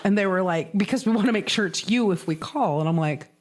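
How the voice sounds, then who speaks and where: A woman's voice: mid-range voice, fast. A woman co-hosting a podcast, retelling a true crime case in casual chat, acting out the quotes and laughing often. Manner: animated storyteller, acts out quotes, swears, laughs often. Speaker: podcast co-host.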